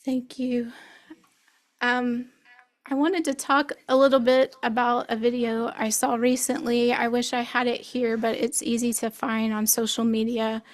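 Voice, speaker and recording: Earnest woman with a flat, even voice. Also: a little high, unhurried. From Birmingham, Alabama. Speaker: event host and poet. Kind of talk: poetry reading and live event hosting.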